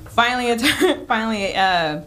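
A young woman telling a lively story on a radio talk show, acting out quotes with many fillers. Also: fairly high pitch, moderate pace, faint music behind. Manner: animated, acts out quotes with lots of "like". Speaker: in-game host guest.

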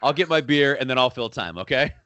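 A man's voice: mid-range voice, animated, a little fast, a bit bright, clean tone, no echo, highs cut off. A man co-hosting a casual movie chat, enthusiastic and laughing often as he recounts favorite lines. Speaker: podcast co-host.

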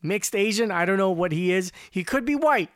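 A man's voice: sits high, lively intonation, normal speed, a bit bright, dry recording, clean studio sound. A man hosting a podcast, talking through commentary in a casual, rambling way, often repeating words as he starts. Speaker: podcast host.

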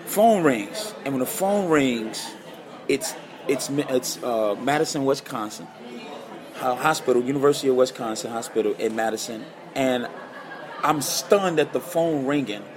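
A man guitarist telling an emotional personal story as a guest, animated and repeating phrases for emphasis. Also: medium pitch, normal speed, a crowd in the background.

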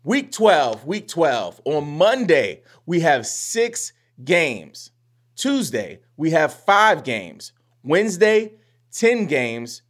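A man's voice: a little high, very animated, extremely slow. A young man hosting a fantasy basketball podcast, chatty and slangy, acting out listeners' reactions in casual advice talk.

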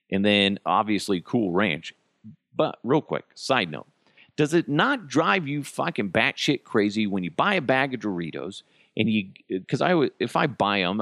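A man's voice: on the low side, vocal fry, dry recording, studio quality. A man hosting a podcast, ranting in a profane, mocking, comedic way. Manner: swears constantly, animated and mocking. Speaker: podcast host.

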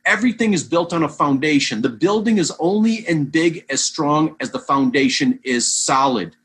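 Long, rambling anecdotes come from a vintage baseball player in a casual interview, told with animation and repeated restarts. He speaks at normal speed in a breathy voice on the high side.

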